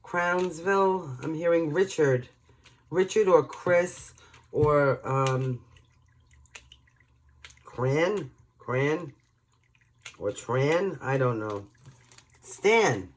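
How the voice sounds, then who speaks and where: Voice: medium pitch, expressive, very slow, pauses often. Chatty, emotional tarot reader from New York. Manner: chatty, emotional, talks to viewers directly. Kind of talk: casual tarot reading to camera.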